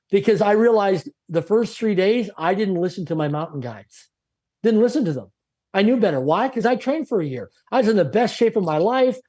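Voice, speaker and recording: A man's voice: high voice, warm tone. Emphatic man telling his story. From Canada. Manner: emphatic, punchy lists, acts out quoted dialogue. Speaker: guest. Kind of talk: energetic motivational storytelling.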